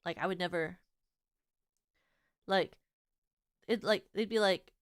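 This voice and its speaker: A woman's voice: lowish voice, slow pace, dry recording, studio quality. A young woman streamer chatting casually, rambling with many filler words and restarts, and laughing as she tells stories. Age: young adult. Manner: animated, giggly storytelling. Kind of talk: casual chat.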